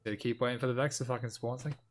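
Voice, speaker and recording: A man with a middle-of-the-road pitch co-hosting a gaming podcast. He grumbles through his complaints, swearing often, in relaxed back-and-forth chat. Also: very fast. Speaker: podcast co-host.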